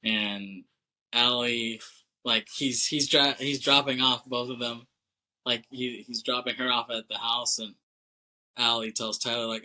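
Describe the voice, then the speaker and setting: A young man co-hosts a podcast, casually recapping a movie plot in loose, profane talk, acting out characters' lines and laughing. His mid-range voice holds a steady tone at a measured pace, sounding pushed and bright. The audio quality is poor.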